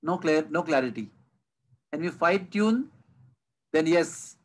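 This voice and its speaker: A man's voice: a little high, a little slow, pauses often, rough recording. Man giving a devotional talk. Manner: storytelling, rhetorical questions, lively emphasis. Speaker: spiritual teacher. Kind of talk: devotional lecture. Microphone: video call.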